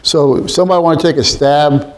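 A man leading a group Bible study in a room with others present, halting, with many restarts and frequent throat clearing. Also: a little high, steady tone.

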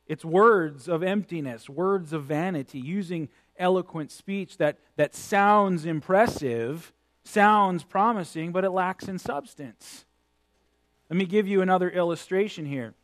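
A man's voice: high-pitched, a little slow. A man preaching a sermon, speaking critically and building to emphatic points.

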